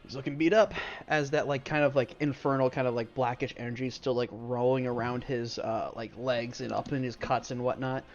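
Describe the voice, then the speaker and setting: A man's voice: medium pitch, flat delivery, a little fast, hardly any pauses. A man narrating a tabletop game as game master, with loose narration full of "like" and "um". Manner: loose, filler-heavy narration. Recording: dull lo-fi stream audio.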